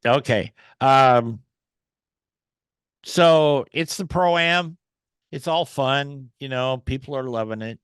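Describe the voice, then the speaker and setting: A man's voice: mid-range voice, slow, long pauses, a bit bright, clear, resonant tone, no room sound. Man, podcast host, folksy storyteller, video call, dry close sound. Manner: folksy storyteller, many fillers and restarts. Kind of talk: casual interview chat.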